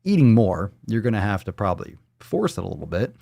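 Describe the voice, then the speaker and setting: A man's voice: lowish voice, very animated, brisk, vocal fry, mellow, dry recording. Blunt, profane male fitness host. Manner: blunt, profane, playful, jumps into silly voices. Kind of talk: casual live-stream chat, reading viewer posts.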